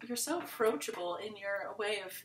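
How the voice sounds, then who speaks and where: A woman's voice: mid-range voice, lively intonation, moderate pace, reverberant, recorded from a distance. A woman comedian chatting as a guest in a casual interview, laughing often and trailing off with fillers.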